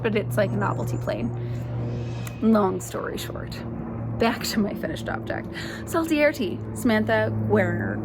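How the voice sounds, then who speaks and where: Her voice sits a little high and has a creaky quality as this young knitting-podcast host chats to the camera. The talk is casual show-and-tell, enthusiastic and rambling, full of fillers, with faint birdsong behind her.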